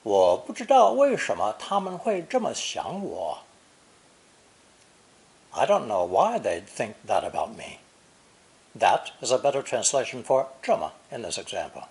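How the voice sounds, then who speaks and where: A man narrating a recorded language lesson, explaining slowly and deliberately, with example sentences read in Chinese. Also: medium pitch, wildly swooping pitch, a little mellow. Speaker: language teacher.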